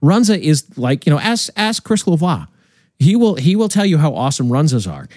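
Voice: medium pitch, big pitch swings, fairly quick, a little mellow, no room sound. A radio co-host in casual studio chat, rambling and repeating words as they go.

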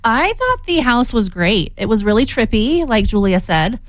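A woman's voice: fairly high pitch, sing-song, moderate pace, dry recording. A woman, a mother, answering interview questions casually and hunting for her words. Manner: hesitant, searching for words. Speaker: guest, mother.

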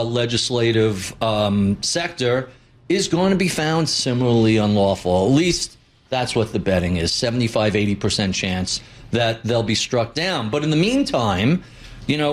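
A man with a voice of ordinary pitch talks as a guest on a markets broadcast. He is blunt and opinionated, with a wry edge as he lists figures. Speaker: guest investment commentator. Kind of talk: broadcast interview.

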